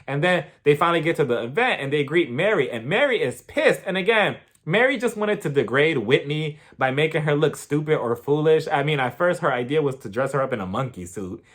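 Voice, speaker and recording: A man giving casual, gossipy commentary while reviewing a TV episode, animated and quick to laugh. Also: on the high side. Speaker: TV show reviewer.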